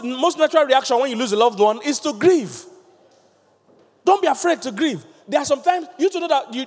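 A man preaching a lively sermon, acting out little scenes and laughing with his listeners. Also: very high voice, long reverb tail. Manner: animated, acts out voices, laughs with the congregation.

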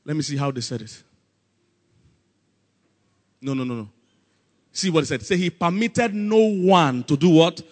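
A man preaching a sermon, animated and calling out questions for the congregation to answer. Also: on the high side, a little slow, long pauses, big-room sound. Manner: animated, call-and-response with congregation, acts out Bible scenes.

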